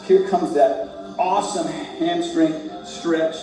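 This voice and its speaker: A man guiding a yoga warm-up, cueing breaths and poses in a relaxed, joking way as he moves. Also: fairly high pitch, takes it slowly. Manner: relaxed, joking, talks while moving through poses. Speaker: yoga instructor. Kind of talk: guided yoga class. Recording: very echoey room, distant mic, faint music.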